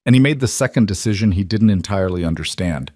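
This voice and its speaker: A man narrating a scripted western story in an even, measured way. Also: on the low side, no echo, studio quality.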